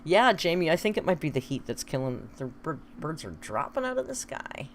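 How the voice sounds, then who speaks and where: A woman's voice: sits low, very animated, brisk, a little hiss or hum. A woman chatting casually on a live stream, reading viewer comments aloud and laughing often.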